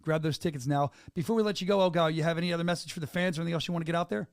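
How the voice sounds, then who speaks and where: An upbeat male podcast host who talks fast and pushes the energy like a hype man. His voice sits a bit high for a man. The sound is dry and close. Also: fairly even intonation, clean tone, no echo. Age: adult with two children. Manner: upbeat hype-man talk, quick and repetitive. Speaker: podcast host and fight announcer. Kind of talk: casual interview chat.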